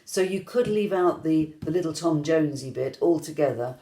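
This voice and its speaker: A woman teaching an online rhythm lesson, gentle and encouraging, singing out the beats as she counts them. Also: deep voice, normal speed, hardly any pauses, background noise. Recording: echoey room.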